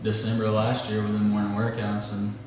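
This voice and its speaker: A teenage football player answers an interview question plainly and steadily. His voice is low and flat. The sound is distant and noisy, with a long hall echo. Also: a little fast. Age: teens. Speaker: high school football player.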